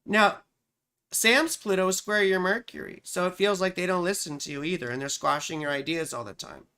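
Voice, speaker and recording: A woman's voice: fairly low pitch, brisk, sharp tone, clear, resonant tone. A woman astrologer giving a casual live-stream reading, chatty and profane, who keeps answering her chat.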